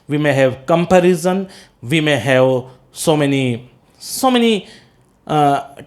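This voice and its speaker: A man with an Indian English accent teaching poetry as an English teacher, breaking ideas down step by step, asking questions and answering them himself, with many "uh"s and "okay?" checks. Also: on the high side. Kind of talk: classroom lecture on poetry.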